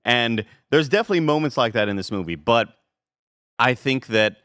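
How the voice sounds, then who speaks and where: A man's voice: mid-range voice, animated, moderate pace, fairly bright tone, clean tone, no echo, studio quality. A man co-hosting a casual movie review podcast, rambling in a laid-back way and swearing casually. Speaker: podcast co-host.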